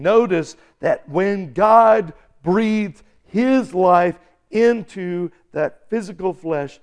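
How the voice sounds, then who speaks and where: A man preaching an animated sermon, acting out quick voices and shifting between loud bursts and quiet asides. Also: sits high. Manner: excitable, acts out voices, shouts and laughs. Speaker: pastor.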